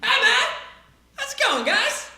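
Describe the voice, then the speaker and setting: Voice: extremely high pitch, very animated, slow, roomy sound, background noise, voice pushed up, exaggerated voice. A game master voicing a friendly, laid-back peasant man who cleans up after banquets, talking in a slangy stoner drawl. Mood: cheerful.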